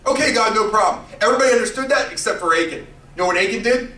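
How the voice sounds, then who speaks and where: A man giving a youth sermon, telling a story in an animated, playful way with character voices. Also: high voice, rapid-fire, roomy sound, far from the mic, poor audio. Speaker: youth pastor.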